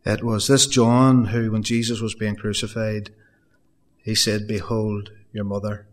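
A man's voice: lowish voice, flat delivery, measured pace. Earnest man preaching a sermon. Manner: earnest, repetitive preaching with rising emphasis. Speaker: pastor.

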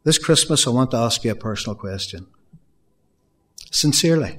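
A man delivers a sermon to his congregation. His pitch sits in the middle range for a man. He preaches earnestly and builds emphasis by repeating phrases. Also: animated, normal speed, long pauses, fairly bright tone. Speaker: pastor.

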